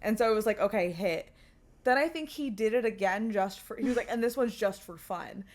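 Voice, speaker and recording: A young woman co-hosting a podcast, telling a story in casual chat, animated, swearing and laughing as she goes. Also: medium pitch, a little fast. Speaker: podcast co-host.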